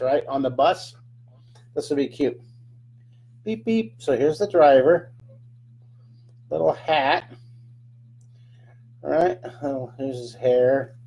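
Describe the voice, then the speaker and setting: A man's voice: fairly high pitch, mellow, slightly rough. A man teaching a live drawing lesson, chatting through each stroke with playful sound effects.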